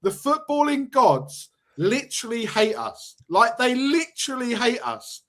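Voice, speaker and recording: A man's voice: extremely high pitch, animated, measured pace, a bit bright. A man talking as a guest on a football fan show in a wry, self-deprecating casual chat.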